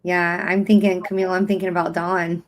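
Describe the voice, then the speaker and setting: A woman guest in a casual livestream conversation, telling stories with warm enthusiasm and open emotion. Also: lowish voice, little pitch movement, brisk.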